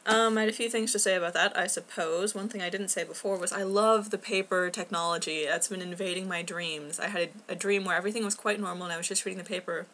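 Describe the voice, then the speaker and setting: A woman's voice: lowish voice, fairly even intonation, fast talker, hardly any pauses, fairly bright tone. A young woman chatting casually at home in a video blog, rambling and scattered with lots of ums. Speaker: book club vlogger.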